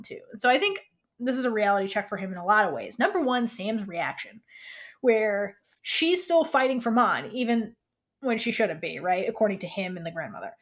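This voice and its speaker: A woman with a mid-range voice co-hosts a podcast, recapping a TV episode through animated storytelling full of quick asides and casual swearing.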